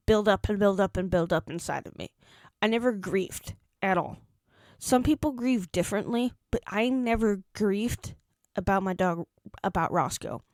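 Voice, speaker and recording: A young woman vlogger tells a personal story in casual chat into a desk microphone, rambling, repeating words and restarting sentences. Her voice is medium-pitched, and the recording is dry and studio quality.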